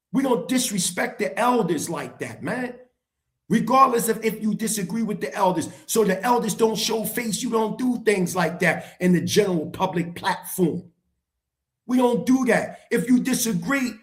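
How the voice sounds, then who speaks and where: Forceful, high-voiced middle-aged man lecturing. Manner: forceful, lecturing, repeats phrases for emphasis. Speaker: guest speaker on a live stream. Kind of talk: heated live-stream debate talk.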